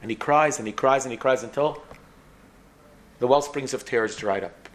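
A man's voice: mid-range voice, normal speed. A man telling a sermon story dramatically, with repetition, acting out the dialogue.

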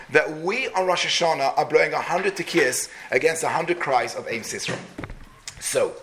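Bright, high-pitched man telling a Torah story. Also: a little hiss or hum. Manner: dramatic, slows down for emphasis. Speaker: Torah teacher.

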